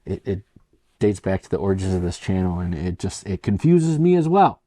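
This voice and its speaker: A man with a low, mellow voice hosts his own beer review channel. He talks in a loose, chatty way and drifts into asides. The sound is close and dry. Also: brisk, dry recording. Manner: relaxed, chatty, rambling asides. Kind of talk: casual solo review.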